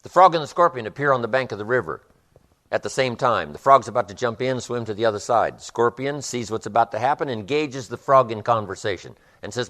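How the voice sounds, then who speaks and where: A man's voice: medium pitch, animated, fairly quick, a bit bright. A man giving a live motivational seminar, speaking emphatically with rhythmic repetitions and storytelling. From United States.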